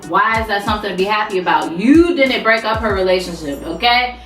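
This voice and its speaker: A woman recapping a TV episode in a casual, profane, animated vlog, talking back to the characters. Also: medium pitch, brisk, distant mic, soft background music. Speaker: TV recap vlogger. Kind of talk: casual recap with quoted voices. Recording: roomy sound, away from mic.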